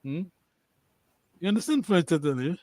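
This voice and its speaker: A man's voice: a little high, very animated, normal speed, a little mellow, no room sound. A man teaching a language lesson over a video call, patiently repeating and checking that his students follow.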